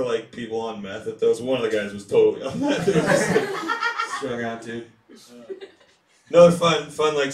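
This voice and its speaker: A man's voice: medium pitch, far from the mic. A man performing a stand-up set, telling rambling, profane stories and talking to the crowd. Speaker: stand-up comedian. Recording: echoey room picked up from afar with loud crowd.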